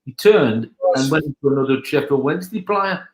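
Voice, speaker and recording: A man watching football live with friends, animated and urging his team on. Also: mid-range voice, moderate pace, echoey room.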